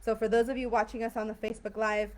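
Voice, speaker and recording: A woman's voice: fairly high pitch, level tone, fast talker. A woman teaching English grammar in a live online class, explaining patiently and acting out example sentences in different tones. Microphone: video call.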